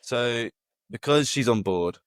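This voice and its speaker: A man's voice: mid-range voice, animated, takes it slowly, smooth, no echo, studio quality. A man rambling through a theory in casual chat, full of fillers and restarts. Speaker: podcast co-host.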